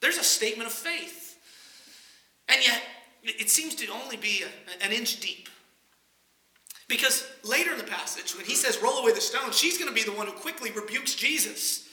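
A preacher working through a passage in a conversational, teaching style, with a bright, sharp voice. The speech echoes through a roomy space. The pitch sits in a middle range. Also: expressive, normal speed. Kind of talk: sermon.

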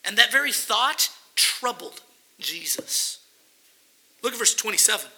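Man, pastor, sermon, very high voice, sharp bright tone, reads scripture aloud with emphasis. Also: lively intonation, measured pace, vocal fry, low-quality recording.

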